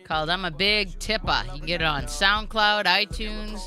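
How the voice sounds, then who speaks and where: A woman's voice: medium pitch, moderate pace, bright, forceful tone, soft background music. A woman hosting a comedy talk show, chatting in a joking, blunt way. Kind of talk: casual comedic chat.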